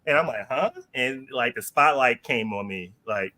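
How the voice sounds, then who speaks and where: A man with a bright, forward voice spins a personal story as a podcast guest. He talks loosely and casually, full of fillers and quick laughs, at an everyday pitch. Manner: loose and slangy, heavy on fillers, laughs while telling.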